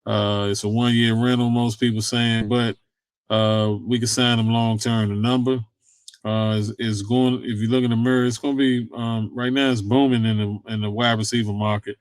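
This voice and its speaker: A sports podcast host chats loosely about football contracts on his talk show, using lots of fillers and Southern US vernacular. His mid-range voice is clear and resonant, delivered flatly at a normal speed with no room sound.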